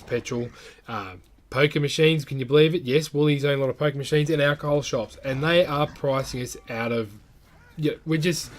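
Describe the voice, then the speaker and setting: A man with an Australian accent chatting casually about travel while commenting on his gameplay, rambling and often calling the viewers guys. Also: on the high side. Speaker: gaming channel host.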